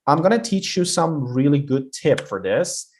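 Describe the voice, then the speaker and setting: A man's voice: fairly high pitch, big pitch swings, normal speed, darkish tone. A man teaching an English pronunciation lesson on word stress in a casual, encouraging, explanatory way, with some fillers and restarts.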